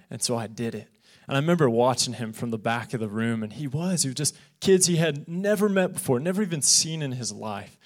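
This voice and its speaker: Earnest man preaching a sermon. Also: medium pitch. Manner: earnest, animated preaching that acts out quoted voices. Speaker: youth pastor. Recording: podcast of a live church sermon.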